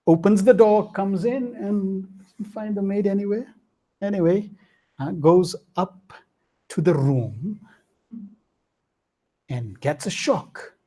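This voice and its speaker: A man teaching a spiritual scripture class, telling stories in a lively, slangy way with frequent "hmm?" checks. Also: high voice, takes it slowly, long pauses.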